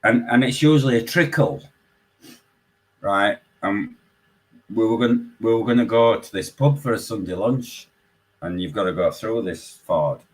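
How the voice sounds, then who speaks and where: A man's voice: fairly low pitch, moderate pace, low-quality recording. Swearing Yorkshire man telling a story. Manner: swears constantly, animated storytelling. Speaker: caller. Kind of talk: casual chat.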